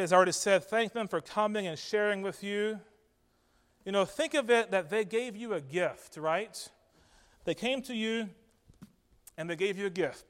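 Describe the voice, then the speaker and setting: A man's voice: sits high, long reverb tail. A man preaching a sermon from a church platform, earnest and coaxing, often checking in with "okay?" and "right?".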